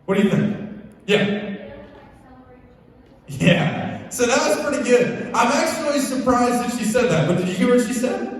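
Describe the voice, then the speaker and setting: A young man leads a lively youth group talk, upbeat and joking as he calls out to the room. His voice sits very high. It rings through a church hall with long reverb, picked up from a distance. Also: normal speed, pauses often. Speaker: youth pastor. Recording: echoey hall, mic from a distance.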